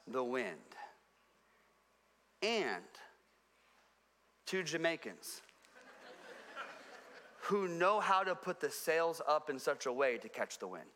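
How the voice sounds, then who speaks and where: A man preaching a sermon to his congregation, earnest and repeating phrases for emphasis, dropping low and quiet on his key points. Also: in a large hall. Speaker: pastor. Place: church sanctuary.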